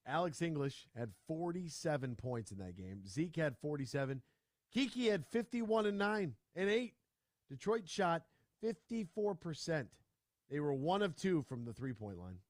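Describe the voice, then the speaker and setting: An animated male sports radio host ranting in casual talk, his voice sitting a little higher than most men's. The studio sound is dry and close. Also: no echo. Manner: animated, ranting, full of restarts.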